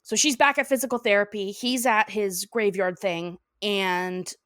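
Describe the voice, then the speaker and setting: A woman's voice: medium pitch, fairly even intonation, measured pace, a bit bright, no echo. Chatty woman recapping with dry close sound. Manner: retells scenes acting out characters' lines, laughs often. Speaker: podcast co-host. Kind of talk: casual recap chat.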